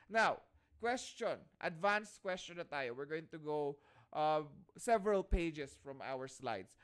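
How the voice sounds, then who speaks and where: A man with a Filipino accent teaching a class over a video call, his voice sitting a little high for a man. He keeps checking that his students follow, often repeating and restarting phrases as he explains. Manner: checks in constantly with "all right?". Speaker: lecturer. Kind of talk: online class lecture.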